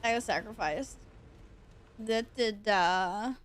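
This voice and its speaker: A woman streamer giving live commentary on a horror game, excitable, swearing and shrieking with laughter when chased. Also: mid-range voice, slow pace, slight background noise.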